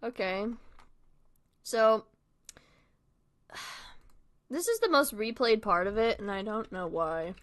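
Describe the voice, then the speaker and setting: A woman's voice: medium pitch, animated, takes it slowly, long pauses. A woman hosting a live stream, chatting casually, giggling and apologizing a lot as she comments on videos. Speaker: stream host.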